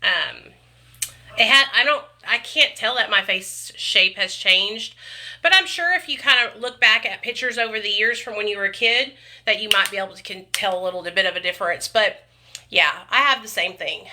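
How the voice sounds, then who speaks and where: A woman's voice: mid-range voice, moderate pace, pushed and bright. A woman chatting casually to her livestream viewers, calling them honey and y'all. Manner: chatty, frequent "you guys" and "y'all", calls viewers honey and baby. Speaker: vlogger chatting with live viewers.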